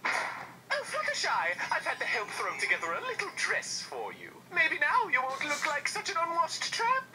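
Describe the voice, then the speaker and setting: A woman's voice: sits high, wildly swooping pitch, normal speed, sharp tone, slight background noise, exaggerated voice, rough recording. A woman voicing a vain, snobbish female pony who talks in a drawling, affected posh manner, heard in a parody video with music playing. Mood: haughty. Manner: drawling, affected upper-class speech.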